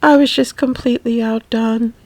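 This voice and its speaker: Woman, memoir narration, emotional, halting, fairly high voice, dry close sound. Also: steady tone, darkish tone, no echo, low-quality recording. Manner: emotional, halting, repeats words. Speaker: family caregiver.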